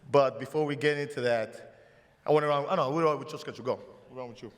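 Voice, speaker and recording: A man in his thirties with a Greek accent, hosting a live stage show and telling a story in a halting way with many restarts. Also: medium pitch, fairly even intonation. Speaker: host. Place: large hall before a live audience. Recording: long hall reverb.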